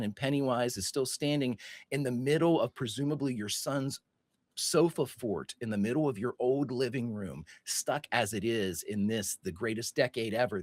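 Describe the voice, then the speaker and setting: A man's voice: medium pitch, no echo. A man narrating a tabletop game as game master, loose and rambling with many fillers and restarts.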